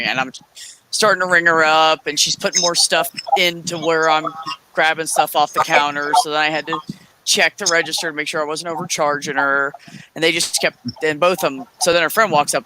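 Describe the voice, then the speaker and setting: A woman's voice: low-pitched, fairly even intonation, a little fast, noisy background. A woman in her forties casually telling a heated story, swearing often and acting out quoted dialogue. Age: 40s. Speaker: streamer.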